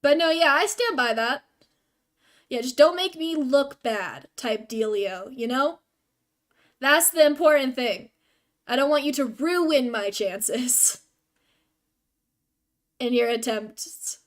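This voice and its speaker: A woman's voice: sits high, lively intonation, takes it slowly, long pauses. A young woman streaming a video game, chatting casually with viewers in a rambling, self-deprecating way.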